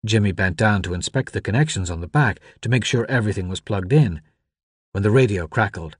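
A man's voice: lowish voice, fairly quick, breathy edge, dry recording. Man narrating an audiobook, dry and close. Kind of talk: scripted narration.

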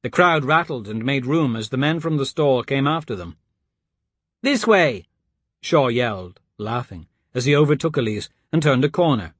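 A man reading a children's adventure story aloud in an even, steady storytelling manner. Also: medium pitch, moderate pace, few pauses, husky, no echo. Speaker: narrator. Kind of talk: audiobook narration.

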